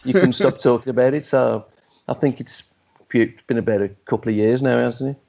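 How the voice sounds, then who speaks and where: A man with an English accent and a gravelly edge, speaking modestly and a little hesitantly. His voice comes through a dull, lo-fi mic, with mid-range pitch. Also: fairly even intonation, a little fast, warm tone. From London, England. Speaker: podcast guest, listener. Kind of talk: casual podcast chat.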